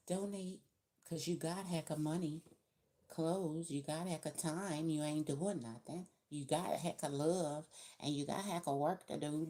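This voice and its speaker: A woman's voice: low voice, background noise. A woman giving a casual tarot reading, chatty and laughing often, acting out the people she quotes. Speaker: tarot reader.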